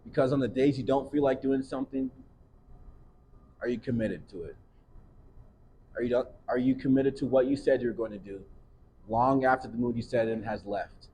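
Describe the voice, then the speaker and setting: A man's voice: mid-range voice, warm tone, slight background noise. A man coaching a basketball team, giving an earnest motivational speech full of repeated rhetorical questions.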